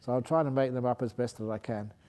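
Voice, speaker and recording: A man's voice: medium pitch, steady tone, fast talker, warm tone. A man, a Buddhist monk, telling a joke during a talk in a playful way, laughing at his own story and stopping to fix it. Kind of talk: humorous dharma talk with a joke.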